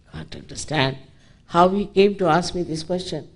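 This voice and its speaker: A woman's voice: lowish voice, lively intonation, moderate pace, a little mellow, husky. A woman from India with an Indian English accent, giving a public spiritual talk in an emphatic, storytelling way with frequent asides. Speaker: spiritual teacher.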